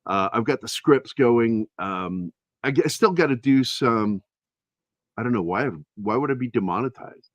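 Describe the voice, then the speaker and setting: Lively intonation marks this man's medium-pitched voice, delivered at a moderate pace with no room sound. As a podcast host in casual conversation, he spins candid, meandering personal tales and curses without restraint.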